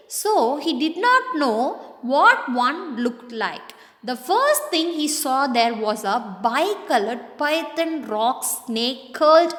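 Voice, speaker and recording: A woman teacher with an Indian accent, reading a story aloud to her class with expressive, clear storytelling. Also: high voice. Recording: echoey room with long reverb.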